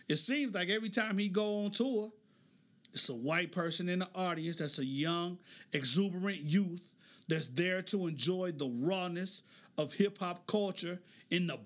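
A man giving casual commentary, preachy and animated, stretching words for emphasis and laughing often. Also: high-pitched.

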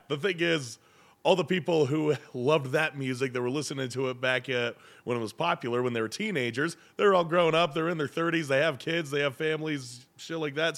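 Bright-voiced man rambling about music. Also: a little high. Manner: rambling, hesitant, many fillers. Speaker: podcast co-host. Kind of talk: casual chat.

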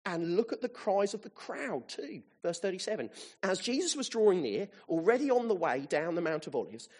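A man preaching a sermon to his congregation, animated, with his voice rising to excited peaks. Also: high-pitched, fairly quick.

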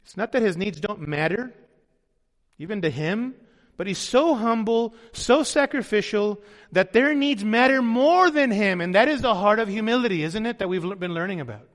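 A man's voice: high-pitched, expressive, moderate pace. A male pastor preaching a sermon, emphatic and often asking his audience questions. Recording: long hall reverb.

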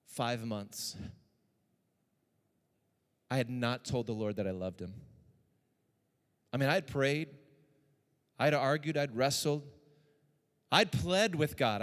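A man preaching a sermon as pastor, moving between hushed personal tones and raised, urgent exhortation. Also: mid-range voice, long reverb tail.

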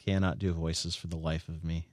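A man's voice: deep voice, level tone, moderate pace, a little mellow, no room sound, studio quality. A man from Cleveland co-hosting a podcast, laid-back and agreeable, with a touch of vibrato in his voice. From Cleveland, Ohio. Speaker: podcast co-host. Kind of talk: casual chat.

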